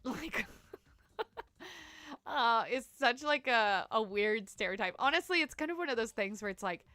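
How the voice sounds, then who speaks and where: Casual woman streamer, bright tense tone, dry close sound, rambly and giggly, lots of "like". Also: fairly high pitch, animated, measured pace, no room sound, faint music behind. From Canada. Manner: chatty, rambling, full of "like" fillers, laughs often. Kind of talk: casual gameplay commentary, chatting with viewers.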